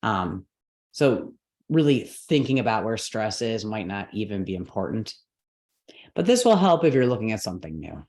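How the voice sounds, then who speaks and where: A woman teaching an online mantra lesson as a yoga and Sanskrit teacher. She explains step by step, checks in often with okay and all right, and slows down to spell out syllables. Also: extremely low pitch, darkish tone. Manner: patient explaining with frequent okays and all rights.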